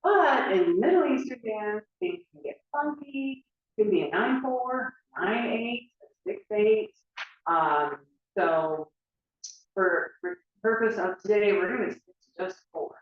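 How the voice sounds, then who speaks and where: A woman's voice: a little high, big pitch swings, measured pace, far from the mic. Chatty woman teaching in an echoey room. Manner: chatty, filler-heavy, explains with examples. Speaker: dance teacher. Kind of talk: casual instructional talk. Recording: echoey room, dull lo-fi sound.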